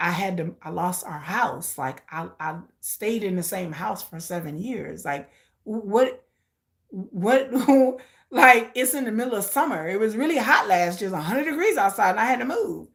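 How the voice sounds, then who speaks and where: Woman, middle-aged, fairly high voice, blunt, emotional, swears a lot, acts out dialogue. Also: expressive, moderate pace, a bit bright. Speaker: live watch-along streamer. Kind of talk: casual personal storytelling.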